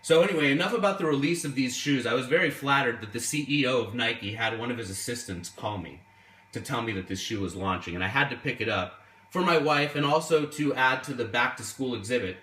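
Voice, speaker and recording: A man telling an animated, exasperated story in a casual vlog. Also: mid-range voice, a little fast. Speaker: sneaker collector and museum host. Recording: echoey room, voice from far off.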